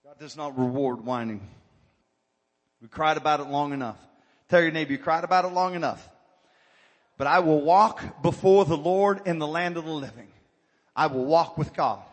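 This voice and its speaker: A man's voice: on the high side, moderate pace, in a large hall. A male pastor preaching a sermon, calling for amens and building to fervent exhortation. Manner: call-and-response preaching, rising to fervent exhortation.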